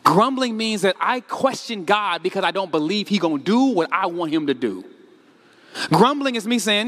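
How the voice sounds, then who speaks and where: High-voiced man preaching in a reverberant hall. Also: normal speed. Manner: animated preaching, acts out the congregation's complaints. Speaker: pastor. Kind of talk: sermon.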